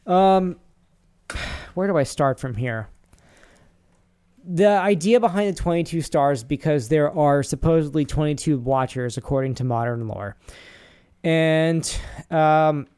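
Man, podcast co-host, casual rambling chat, smooth resonant voice, a bit high. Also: warm tone. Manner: rambling, swears, reads posts aloud with asides.

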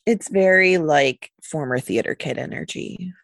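A podcast co-host in casual chat who agrees a lot and often breaks in with quick replies. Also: medium pitch, vocal fry, a bit bright, no room sound. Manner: agreeable, frequent backchannel replies.

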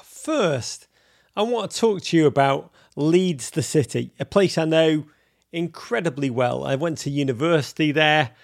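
A man's voice: a little high, expressive, unhurried, gravelly. A man hosting a podcast interview in a jokey, theatrical way. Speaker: podcast host. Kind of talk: playful interview.

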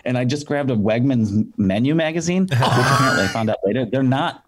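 A man's voice: mid-range voice, fairly quick, slightly rough, no room sound. A man telling a long anecdote in casual chat, acting out the people in it and using many fillers and restarts. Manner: animated anecdote with quoted voices. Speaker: storyteller guest. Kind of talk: casual storytelling.

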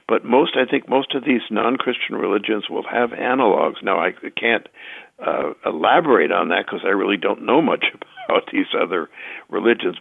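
A man's voice: on the low side, gravelly, breathy edge, dry recording. A man speaking as an interview guest, talking hesitantly with many fillers and restarts. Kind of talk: conversational interview. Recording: tinny phone line.

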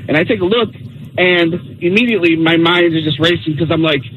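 A man telling a funny personal anecdote on a radio show, animated and lively. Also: on the high side, moderate pace, husky, lo-fi sound. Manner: animated storyteller. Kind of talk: storytelling anecdote.

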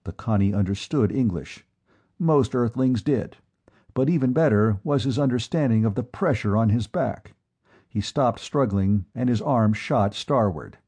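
A male narrator reads an adventure story in a steady, measured way. His voice is dark and mellow, with a husky grain. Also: mid-range voice. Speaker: audiobook narrator. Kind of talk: scripted narration.

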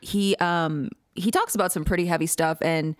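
A woman answering an interview question in a relaxed conversational way. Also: fairly low pitch, normal speed, dry recording, clean studio sound. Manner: conversational, with fillers.

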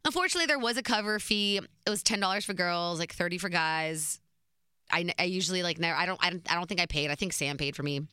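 Bright, chatty young woman telling a story. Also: lowish voice, fast talker, clear, resonant tone, no room sound. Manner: chatty, animated, laughs between beats. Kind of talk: casual storytime.

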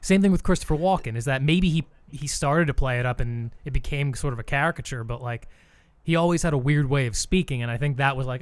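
A man's voice: mid-range voice, quick pace, no room sound. A man chatting casually and rambling, swearing now and then. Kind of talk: casual podcast chat.

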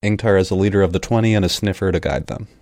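A man with a very deep voice talks casually about a book with a co-host, laughing easily and now and then reading passages aloud. The sound is dry and close. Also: very fast, darkish tone, dry recording. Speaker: podcast co-host.

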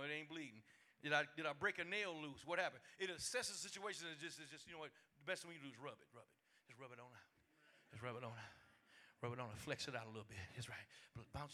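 A man preaching a midweek sermon as pastor, telling funny stories with acted-out voices and laughter in a folksy, colloquial way. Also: a little high. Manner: animated storytelling with laughter and acted-out quotes.

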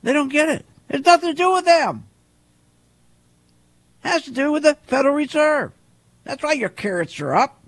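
A man's voice: extremely high pitch, expressive, moderate pace, pauses often. A man giving a heated, repetitive monologue as a market commentator, firing off rhetorical questions. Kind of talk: ranting monologue.

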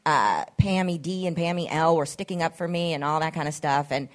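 A woman's voice: low voice, a little fast. A woman hosting a podcast, telling a story in casual chat, acting out the quoted voices and swearing freely. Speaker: podcast host.

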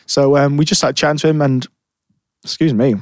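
A man's voice: on the high side, steady tone, fairly quick, no room sound. A man telling a rambling story in casual chat, full of fillers and restarts. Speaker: podcast co-host.

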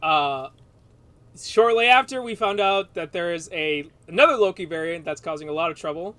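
A man's voice: fairly high pitch, expressive, moderate pace, sharp tone, dry recording. A man co-hosting a podcast, rambling casually through a recap, laughing and swearing freely. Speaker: podcast co-host.

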